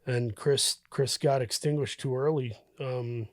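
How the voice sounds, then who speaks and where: A man, a guest on a podcast, speaking reflectively with many pauses and restarts. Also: medium pitch, steady tone, no room sound, clean studio sound. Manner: thoughtful, halting with fillers and restarts. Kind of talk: reflective casual conversation.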